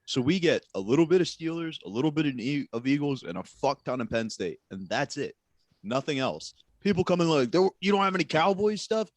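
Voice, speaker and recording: A man's voice: mid-range voice, animated, a little fast, a little mellow, dry recording. A man co-hosting a podcast, telling blunt, sarcastic stories about customers at work. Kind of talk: casual storytelling chat.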